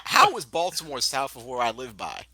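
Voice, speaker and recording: A man's voice: mid-range voice, wildly swooping pitch, normal speed, a crowd in the background. A man hosting a podcast, ranting in profane, heated casual banter. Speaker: podcast host.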